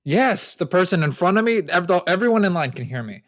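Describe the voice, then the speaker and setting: Animated storytelling young man, dry sound. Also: high-pitched, fairly quick, no room sound. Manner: animated storyteller, swears freely and laughs often. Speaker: podcast co-host. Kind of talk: casual chat.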